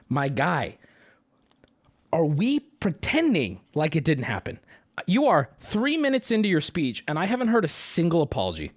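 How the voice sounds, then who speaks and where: A male livestream host delivers a profane, exasperated rant over a clip he is watching. His fairly high voice swings widely in pitch as he works himself up, and his throat is swollen. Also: huge pitch swings, normal speed. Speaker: livestream host reacting to a video. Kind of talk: casual ranting commentary.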